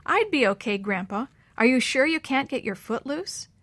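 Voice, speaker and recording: Lady putting on a nervous little boy voice, high and eager, dry recording. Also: animated, moderate pace, a bit bright, dry recording. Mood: worried. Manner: eager, worried, pitched up. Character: anxious young boy in a wheelchair. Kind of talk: storybook read-aloud.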